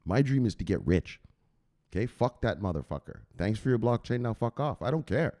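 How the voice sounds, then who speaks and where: A man's voice: on the low side, a little fast. A man hosting a crypto channel at home at night, rambling and swearing in casual vlog chat. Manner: profane, rambling, animated.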